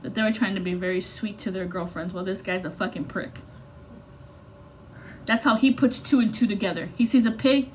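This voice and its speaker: A woman's voice: mid-range voice, moderate pace, darkish tone, a little hiss or hum. A woman giving an intuitive tarot reading in an intense, blunt and profane way. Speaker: tarot reader.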